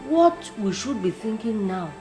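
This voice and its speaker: A woman's voice: a little high, big pitch swings, measured pace, dark tone, faint music behind. A woman playing a sarcastic, resigned mother. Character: defensive, resigned middle-aged mother. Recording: roomy echo.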